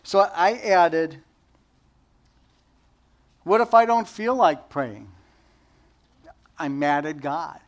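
A man's voice: a little high, animated, very slow, pauses often. A middle-aged man preaching a conversational sermon, joking and asking the audience questions. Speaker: pastor.

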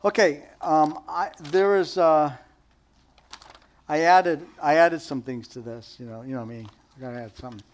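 High-voiced man preaching casually. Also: normal speed. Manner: conversational, joking, asks the audience questions. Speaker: pastor. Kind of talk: sermon.

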